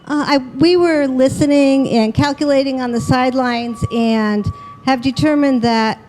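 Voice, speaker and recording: Woman, high voice, slow measured delivery, program leader giving closing remarks. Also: dark tone, rough recording. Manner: slow, deliberate, praising. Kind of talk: summary remarks to students. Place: large event hall at a university.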